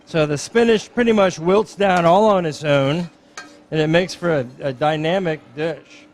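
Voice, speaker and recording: High-voiced upbeat chef demonstrating. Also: male voice, normal speed, slight background noise. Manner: upbeat and chatty, explaining each step. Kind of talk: live cooking demonstration.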